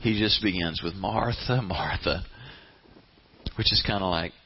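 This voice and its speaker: A man preaching a sermon, retelling a story with animated flair and asking the audience questions directly. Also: deep voice, fast talker, slightly rough. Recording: dull lo-fi sound.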